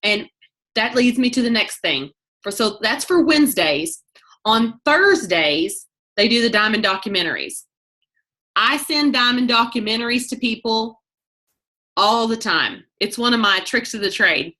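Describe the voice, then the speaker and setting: A woman with a bright, forceful voice leads a sales team training call. She talks fast and chatty, cuts herself off, and restarts her sentences as she goes. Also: fairly high pitch, expressive. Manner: fast, chatty, self-interrupting. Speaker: network marketing team leader.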